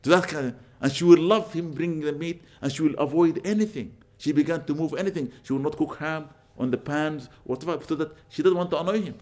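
An older man giving an Islamic lecture, telling stories earnestly with sudden bursts of loud emphasis. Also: a little high, fast talker, few pauses. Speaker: Islamic preacher. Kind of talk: religious lecture with storytelling.

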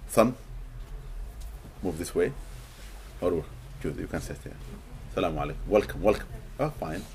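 A man from Sudan, giving an animated, expressive religious lecture to a live audience in a hall and often laughing. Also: deep voice, normal speed, a little hiss or hum. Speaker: Islamic teacher.

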